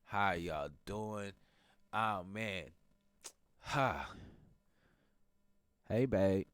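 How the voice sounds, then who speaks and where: A man's voice: on the low side, extremely slow, fairly bright tone, smooth, no room sound. A middle-aged man with a stuffy nose from a cold, hosting a casual morning talk show in a playful, teasing way. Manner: playful, teasing, laughs a lot. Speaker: podcast host.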